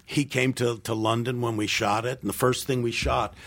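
A gravelly, husky older man recalls his filmmaking days in a loose, rambling way. He often restarts his sentences and acts out what other people said. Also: medium pitch, little pitch movement, moderate pace, fairly bright tone. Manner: rambling anecdotes with restarts and acted-out quotes. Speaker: film director. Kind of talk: casual interview storytelling.

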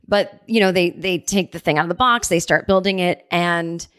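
A woman hosting her podcast from her apartment, telling stories in a chatty, animated way and acting out the people she quotes. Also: fairly low pitch, normal speed, dry recording, studio quality. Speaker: podcast host. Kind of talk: casual solo storytelling. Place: home apartment.

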